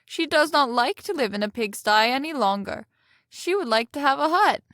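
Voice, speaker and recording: A woman's voice: high voice, animated, moderate pace, fairly bright tone, no echo, clean studio sound. A woman narrator voicing a timid, meek fisherman who speaks hesitantly in a storybook reading. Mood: reluctant. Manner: hesitant and reluctant.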